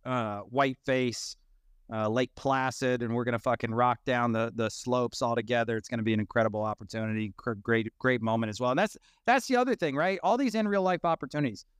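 A man's voice: mid-range voice, smooth, no echo, clean studio sound. A man in his thirties hosting a casual audio chat, telling stories animatedly and swearing freely. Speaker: host.

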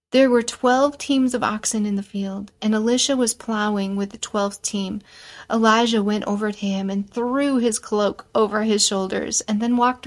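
A woman's voice: medium pitch, rough recording. A woman teaching a Bible lesson, reading verses aloud and explaining them in an earnest, simple way.

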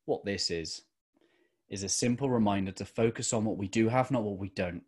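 Middle-aged guy doing a heartfelt motivational talk, kinda low voice, leans hard on the big lines. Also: darkish tone, slightly rough. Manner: earnest, emphatic, slows down for key phrases. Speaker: motivational podcast host.

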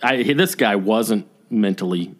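A man's voice: lowish voice, a little slow. A middle-aged man, co-host of a podcast, telling a story in casual chat and acting out what people said. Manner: animated storyteller acting out quotes.

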